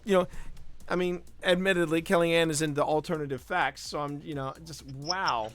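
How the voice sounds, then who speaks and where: Bright-voiced man hosting a gaming stream. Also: fairly high pitch, fairly quick, dry recording. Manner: animated, laughing asides and self-corrections. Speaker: stream host. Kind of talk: casual live-stream chat while gaming.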